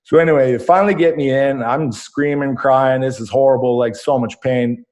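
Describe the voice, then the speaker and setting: A man in a casual podcast chat, spinning a long anecdote in a plain, mid-pitched voice. He rambles and restarts, dotting his talk with ums, like a former athlete recounting an old mishap. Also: fairly even intonation, normal speed, a little mellow. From Canada. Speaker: guest, former rugby player. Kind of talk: casual storytelling.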